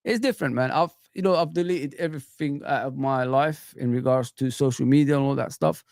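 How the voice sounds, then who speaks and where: Medium in pitch, gravelly and slightly mellow, this voice belongs to a middle-aged man speaking fairly quickly. He hosts a football live stream, ranting casually with rhetorical questions aimed right at viewers and chat. Studio quality, no echo.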